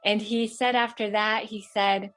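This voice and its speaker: A woman's voice: medium pitch, level tone, a little slow, a bit bright. A woman in her thirties from Los Angeles, calling in to tell a personal story in a casual, rambling way, with many fillers and restarts. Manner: chatty, many fillers and restarts, laughs often. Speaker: caller sharing a story.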